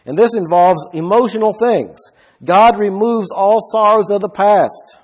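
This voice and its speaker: A man preaches a sermon in a husky, somewhat high voice. He stresses key words hard and keeps asking his listeners questions. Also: a little slow. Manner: emphatic, asks the listeners questions.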